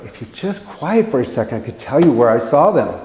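A man voicing a patient, calm middle-aged wife in a story, with a roomy hall echo around him. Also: mid-range voice, brisk, natural voice.

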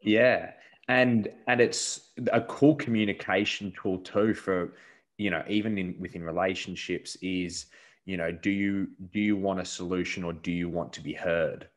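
A man's voice: low-pitched, unhurried. A man hosting a podcast, telling stories casually and acting out quotes. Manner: animated storytelling with acted-out quotes and swearing. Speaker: podcast host. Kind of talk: casual interview chat.

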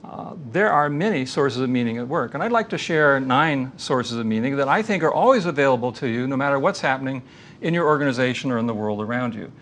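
A man giving a faith-based lecture in an earnest, measured teaching manner, weaving in stories. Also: medium pitch, expressive, fairly bright tone, a little hiss or hum.

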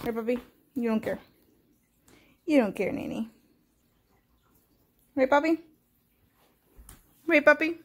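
A woman with a high voice vlogs from inside her home, filming on a handheld phone while she talks playfully to her dog and her viewers. Hyper from coffee, she exclaims a lot, speaking at normal speed but leaving long pauses.

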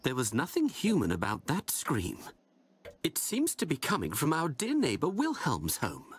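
A man voicing a theatrical, confident male detective who speaks in a lofty manner with big pitch swings, in a video game. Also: huge pitch swings, moderate pace, a little hiss or hum. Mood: eager. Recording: game audio over music.

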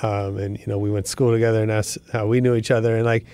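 A man's voice: fairly low pitch, little pitch movement, fast talker, mellow, smooth, no room sound. A middle-aged man hosting an interview, talking in a reflective, loose way with many fillers. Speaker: podcast host. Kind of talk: conversational interview.

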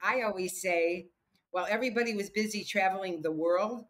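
A woman's voice: medium pitch, fairly quick. A woman, a health coach and entrepreneur, telling stories in a casual interview and acting out the people in them. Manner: lively storyteller who acts out the voices of people in her stories. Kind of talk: casual storytelling in a podcast interview.

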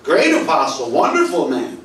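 A male pastor preaching a sermon, telling stories and acting out dialogue, his voice swinging from loud to soft. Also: a little high, huge pitch swings, normal speed. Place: church hall. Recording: roomy echo, voice from far off, faint ambience.

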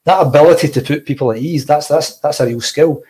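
A man's voice: fairly high pitch, fairly quick, warm tone. A man chatting enthusiastically on a podcast about a play he wrote. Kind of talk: casual podcast chat.

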